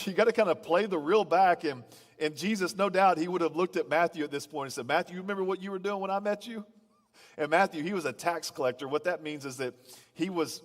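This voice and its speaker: Male pastor, storytelling sermon, restarts phrases, fairly high voice, church hall echo. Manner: conversational storytelling preacher, repeats starting words. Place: church auditorium. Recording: long reverb of a large hall.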